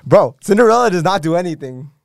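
A man's voice: high voice, lively intonation, fast talker, vocal fry, dry recording, studio quality. A young man hosting a casual podcast chat with friends, joking and laughing often. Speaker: podcast host.

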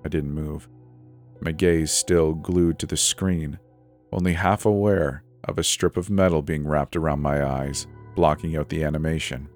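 Deep-voiced man narrating horror. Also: steady tone, unhurried, a little mellow, faint music behind. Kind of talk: scripted first-person horror narration.

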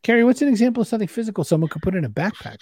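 A male host runs his podcast at a quick clip, upbeat and jokey. His voice is a bit higher than most men's but mellow in tone. The sound is dry and close. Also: animated, breathy edge, no echo. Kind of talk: casual podcast hosting.

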